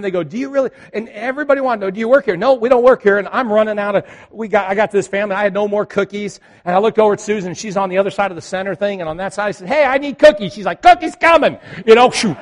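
A man's voice: high-pitched, rapid-fire, hardly any pauses. A middle-aged male pastor telling a personal story in a sermon, acting out the lines of the people in it.

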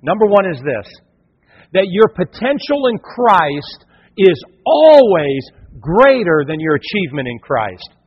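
Middle-aged man, pastor preaching, husky high voice, dull recording with long hall reverb. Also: a little slow. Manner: animated preaching, acts out quoted voices. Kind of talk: sermon. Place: church hall.

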